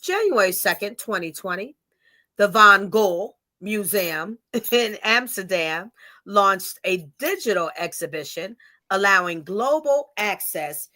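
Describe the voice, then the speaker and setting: A woman's voice: medium pitch, animated, takes it slowly, bright, forceful tone. A woman co-hosting a livestreamed podcast, reading fun facts from notes with small stumbles and laughs, over a video call. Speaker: podcast co-host.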